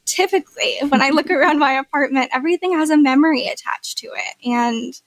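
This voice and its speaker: A woman's voice: high-pitched, a little fast, no room sound, low-quality recording. A woman guest on a podcast, chatting in a bubbly, gushing way with gasps and laughs. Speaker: guest, lifestyle editor. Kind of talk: casual podcast conversation.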